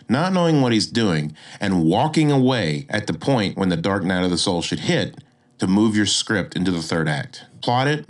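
A man hosting a screenwriting podcast, talking casually and swinging his pitch up and down, with frequent restarts. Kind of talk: casual instructional talk.

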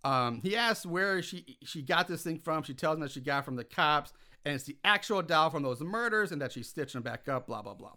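A man casually recapping a film plot for a podcast, animated and swearing when worked up. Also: fairly high pitch, fairly quick, few pauses. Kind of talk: casual chat.

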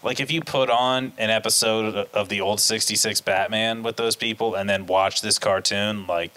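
Give me a man in casual podcast chat, joking and rambling, with a bright, slightly low voice. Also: fairly even intonation, normal speed. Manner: rambling, jokey, lots of fillers. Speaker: podcast co-host.

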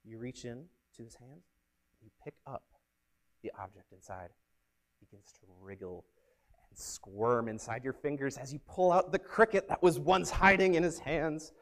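A young man preaching as a youth pastor, telling stories in an upbeat, energetic way. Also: mid-range voice, normal speed. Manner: upbeat, energetic, animated storyteller. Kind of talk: youth sermon with storytelling.

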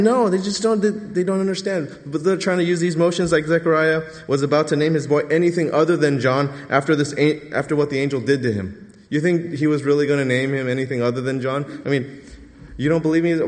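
A man's voice: medium pitch, brisk. A man preaching a Sunday morning sermon in a chatty, conversational way, often tossing out a rhetorical "right?" to his congregation. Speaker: pastor. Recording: reverberant hall.

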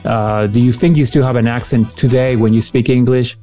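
A man with a slight Spanish accent talks in a relaxed, mellow voice at a middling pitch. He speaks thoughtfully and haltingly, restarting sentences as he reaches for words. Soft music sits faintly behind him. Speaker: podcast co-host. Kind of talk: casual chat.

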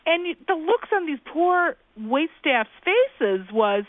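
A woman's voice: high voice, big pitch swings, slow pace, no echo. A woman guest telling folksy ghost anecdotes in an interview, acting out the voices she quotes, heard over a phone call. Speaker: guest, ghost-talking cookbook author. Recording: tinny phone line.

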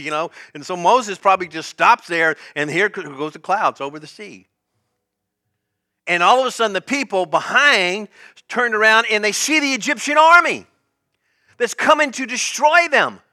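Animated man preaching with bright tone. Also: sits high. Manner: animated storytelling with frequent laughs. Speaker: pastor. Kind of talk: sermon. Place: church service.

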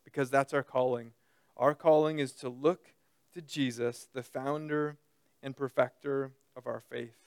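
A man's voice: mid-range voice, fairly even intonation, a little slow, clean tone, no echo, studio quality. A man preaching a sermon in a loose, conversational way, often checking in with his listeners by asking "okay?". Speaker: pastor.

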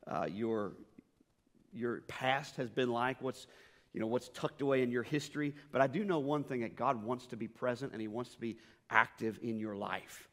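A middle-aged male pastor preaching in a church sanctuary, his voice sitting at an ordinary pitch. He tells stories with earnest emphasis and circles back to repeat his main points. The sound carries the long reverb of a big hall. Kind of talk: sermon.

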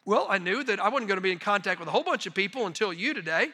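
A middle-aged man preaching as a missionary, telling folksy, self-deprecating stories in an animated way. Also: high-pitched, rapid-fire, husky. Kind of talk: sermon storytelling. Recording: long reverb of a large hall.

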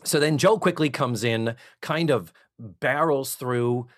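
A man's voice: medium pitch, takes it slowly, no echo, studio quality. A man co-hosting a podcast, summarizing a TV episode in an exasperated, profane, joking way. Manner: animated, exasperated, swears for effect. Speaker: podcast co-host. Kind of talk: casual chat recapping a TV show.

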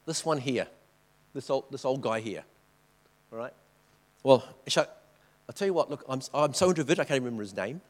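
A man's voice: mid-range voice, expressive, brisk, long pauses. Chatty man telling a mission story. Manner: chatty, keeps checking in with the audience. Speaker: missionary speaker. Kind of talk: informal church talk with slides.

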